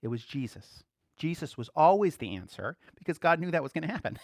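Animated conversational male preacher. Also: medium pitch, a little fast, creaky, no room sound. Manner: conversational, chuckles, acts out quoted voices. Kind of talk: casual sermon.

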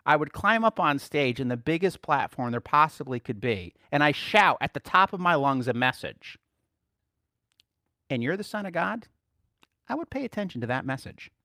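Animated, chuckling male preacher. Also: on the high side, a little fast, hardly any pauses, no room sound, studio quality. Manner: animated, rhetorical questions, frequent chuckles. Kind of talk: teaching sermon to a small group.

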